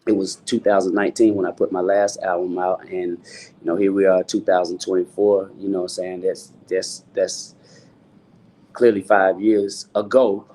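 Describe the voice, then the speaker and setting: A man's voice: low-pitched, level tone, moderate pace, dark tone, a little hiss or hum. A middle-aged man, a singer talking loosely in an interview and filling his talk with "you know what I'm saying". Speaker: guest singer.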